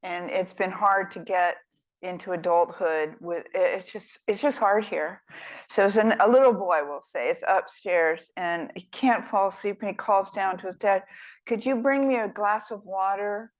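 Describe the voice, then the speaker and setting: A woman's voice: on the low side, moderate pace, low-quality recording. An older woman, an author guest in a fireside chat, telling stories in a rambling, self-deprecating, humorous way.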